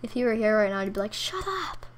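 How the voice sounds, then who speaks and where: A woman's voice: medium pitch, steady tone, racing, clean tone. A woman giving playful, jokey commentary as a gaming YouTuber, with mumbled asides as she clicks around websites. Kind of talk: casual commentary while browsing.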